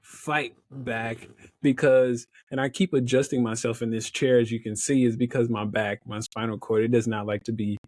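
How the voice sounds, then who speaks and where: A young adult man telling a story as a podcast guest, animated and laughing often, acting out the other voices in his story. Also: mid-range voice, moderate pace, no room sound, studio quality. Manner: animated, laughs often, acts out quoted dialogue. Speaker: podcast guest, motivational speaker. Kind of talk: casual storytelling in an interview.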